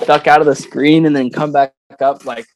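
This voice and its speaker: A man's voice: on the high side, little pitch movement, normal speed, a little hiss or hum. A man guest on a podcast in casual chat, giggling through his own stories and full of "like" fillers. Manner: loose talk full of "like" fillers.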